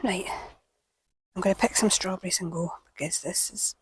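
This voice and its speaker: A woman with a British accent hosting a gardening vlog outdoors at an allotment, talking to camera and often dropping to a hushed whisper. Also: medium pitch, animated, moderate pace, husky, dry recording. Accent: British English. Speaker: gardening channel host. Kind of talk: casual vlog talk to camera. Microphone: small clip-on microphone.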